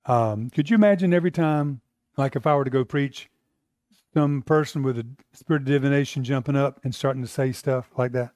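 A man's voice: medium pitch, a little fast, a little mellow, no echo, studio quality. An American man teaching a Bible class, asking the room questions and repeating himself as he builds his points.

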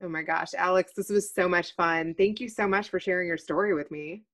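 A woman's voice: lowish voice, fairly even intonation, brisk, a bit bright. A woman hosting a casual interview, asking friendly, enthusiastic questions.

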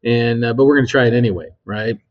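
A man's voice: medium pitch, quick pace. A man working as an engineer at a physics lab, explaining his work in a casual interview, rambling with many ums and tag questions. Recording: slightly dull lo-fi sound.

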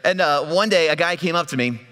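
Lively male preacher with a bright voice, storytelling sermon, reverb of a large hall. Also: on the high side, a little fast. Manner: lively storyteller, laughs often. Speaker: pastor. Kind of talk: sermon opening with a personal story.

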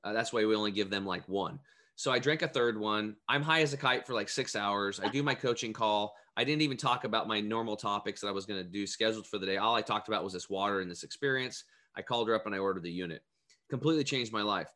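A man with a bright, forceful voice, talking as a health coach in a casual chat. He tells his stories with animation and acts out the voices of the people he quotes. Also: fairly low pitch, fast talker.

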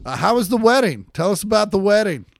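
A man hosting a podcast in casual chat, with sarcastic, deadpan banter. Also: sits high, quick pace, creaky, no echo, studio quality. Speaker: podcast host.

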